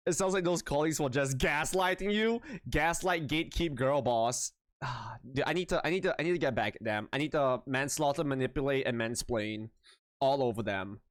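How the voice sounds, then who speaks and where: A man's voice: medium pitch, brisk, dry recording, studio quality. A tired young man streaming live, chatting with his viewers in a rambling, self-mocking way, swearing freely and giggling. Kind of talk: casual chat with viewers.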